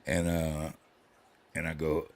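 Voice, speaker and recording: A man's voice: a bass voice, monotone, slow, darkish tone. An older man chatting casually, a rambling, folksy storyteller with a cantankerous drawl. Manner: rambling storyteller, folksy, acts out quoted voices. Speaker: host. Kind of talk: casual chat.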